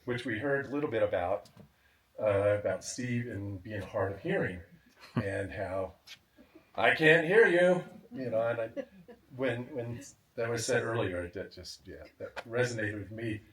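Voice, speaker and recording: A man giving a warm, reflective memorial speech, chuckling now and then. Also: on the low side, moderate pace. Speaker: memorial speaker. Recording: echoey sound from a distant mic.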